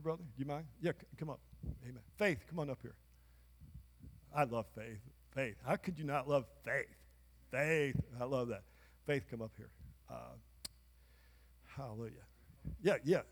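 A man pastor preaching a sermon in a church, emphatic, with call-and-response to the congregation. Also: mid-range voice. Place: church sanctuary. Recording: long church hall reverb.

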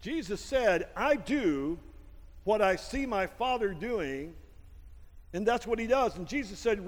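A man's voice: high voice, expressive, unhurried, in a large hall. An older man, a pastor, preaching a sermon in a loose, joking, conversational way, with frequent amens. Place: church sanctuary.

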